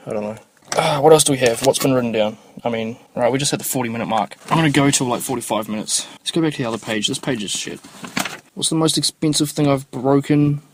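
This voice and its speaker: A man's voice: mid-range voice, no echo. A man hosting a casual solo podcast, rambling offhandedly and swearing freely. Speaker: podcast host.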